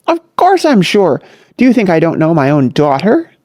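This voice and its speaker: A narrator voicing an excitable, irritable wealthy older man who splutters his exclamations. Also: mid-range voice, moderate pace, dry recording, studio quality.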